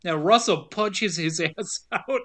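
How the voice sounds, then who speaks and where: Male co-host, deadpan film recap, bright forward tone. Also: high voice, slow. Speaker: podcast co-host. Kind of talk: casual film recap chat.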